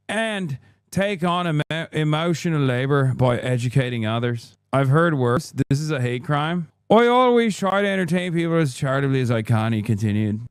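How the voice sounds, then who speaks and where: A man giving a scripted news-style narration in a measured, even reading voice. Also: medium pitch, clear, resonant tone, no echo, studio quality.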